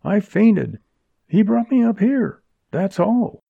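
Guy doing a fierce bossy young woman, higher and pushy, dry muffled audiobook. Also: lively intonation, slow pace, gravelly, breathy edge, no echo, heavily acted. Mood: shaken. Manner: sharp, commanding, urgent. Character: frantic, fierce young woman held captive by outlaws. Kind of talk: audiobook character voice. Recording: dull lo-fi recording.

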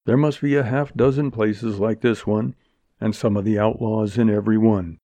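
A man's voice: lowish voice, fairly even intonation, moderate pace, mellow, no echo, natural voice. A man reading an audiobook, voicing a frightened, cowardly young man among outlaws. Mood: anxious. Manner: anxious, pleading. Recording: dull lo-fi recording.

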